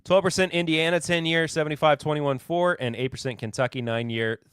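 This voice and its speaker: A man's voice: fairly high pitch, a little fast, fairly bright tone, clean tone, no echo, clean studio sound. A man hosting a casual live-stream whiskey podcast, reading new bottle labels aloud in a rambling, sarcastic, self-deprecating way. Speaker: podcast host.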